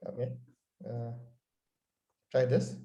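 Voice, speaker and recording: A man's voice: mid-range voice, slow pace, warm tone. A man leading an online sales training workshop, talking conversationally over a video call. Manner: conversational, frequent "okay" and "you know". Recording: echoey room.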